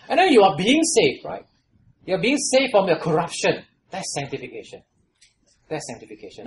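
A pastor preaching a sermon, repeating phrases and putting questions to the congregation, rising to loud exhortation and falling to hushed trailing lows. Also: slight background noise, poor audio.

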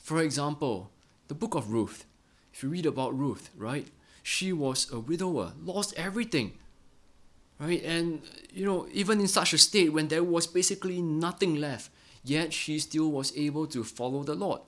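A middle-aged man preaching a Bible-study sermon in an earnest way, often ending phrases with a quick "right?". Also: fairly high pitch. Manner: earnest, ends many phrases with a tag question "right?".

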